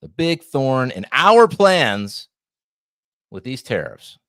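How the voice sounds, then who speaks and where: Male co-host, mid-pitched, rambling and playful, lively intonation. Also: slow pace, clear, resonant tone, no room sound, studio quality. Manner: rambling, restarts sentences, jokey. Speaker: podcast co-host. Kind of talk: casual podcast chat.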